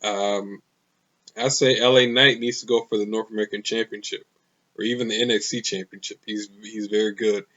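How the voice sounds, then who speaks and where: A man's voice: fairly low pitch, flat delivery, fairly quick, a bit bright, dull audio. A man casually reviewing a wrestling show, rambling and opinionated, with many fillers.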